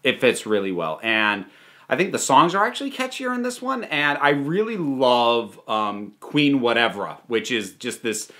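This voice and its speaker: Bright-voiced man reviewing a movie. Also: on the low side. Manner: animated, many restarts and trailing asides. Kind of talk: casual spoken movie review.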